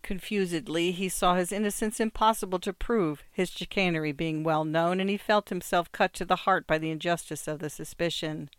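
A storyteller reading literary short stories at an even, measured pace. The voice is smooth and clear, and the recording is close and dry with no room sound. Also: medium pitch, dry recording. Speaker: narrator. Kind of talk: scripted narration of short stories.

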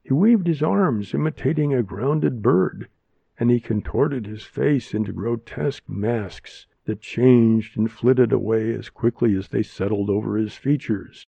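A man narrating an audiobook in a measured, steady way, in a dull lo-fi recording. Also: mid-range voice, creaky, slightly rough, no echo.

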